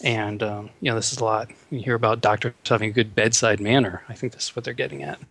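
A man's voice: lowish voice, fairly even intonation, quick pace, gravelly, a bit bright, no room sound. Man explaining science in a dry voice. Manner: explanatory, many fillers like "you know". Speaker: neuroscientist guest. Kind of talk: casual interview talk.

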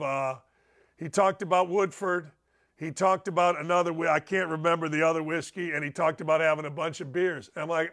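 A middle-aged man hosting a sports talk show, telling rambling, excitable stories and laughing at them. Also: a little high, a little fast. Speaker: sports radio host. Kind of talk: animated storytelling monologue.

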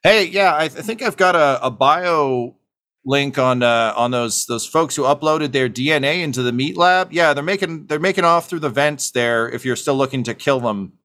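A man doing a gleeful mad scientist who talks in a quick, wheedling patter, his voice pitched well above a plain speaking voice. He sounds eager and full of schemes, like a tabletop game villain. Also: lively intonation, fairly bright tone. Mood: chirpy.

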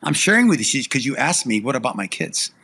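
A man's voice: mid-range voice, very animated, brisk, creaky, sharp tone, slightly rough. A middle-aged man sharing a personal testimony as an interview guest, earnest and emphatic, his voice tearful and breaking with emotion.

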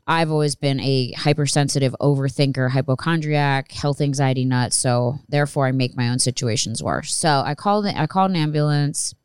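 A woman's voice: very deep voice, fairly quick, few pauses, smooth, dry recording, studio quality. A woman in her thirties telling a personal story as a podcast host, candid and profane, rambling with restarts. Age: 30s. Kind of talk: casual storytelling monologue.

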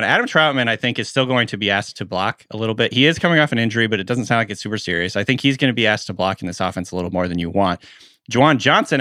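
A man co-hosting a casual podcast, trading jokes and walking through player stats with quick asides. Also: medium pitch, pushed and bright, no room sound, clean studio sound. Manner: jokey, analytical, quick asides. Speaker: podcast co-host.

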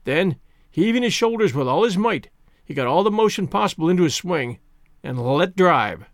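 A man narrates a story in the first person, his voice sitting high and swinging widely in pitch. The reading is expressive and animated. The recording is dry and close. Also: moderate pace, no room sound. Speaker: audiobook narrator.

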